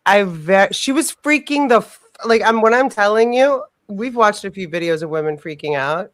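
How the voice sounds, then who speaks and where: Animated, rambling woman podcast co-host. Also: mid-range voice, normal speed, no room sound. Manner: rambling, animated, swears freely. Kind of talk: casual storytelling chat.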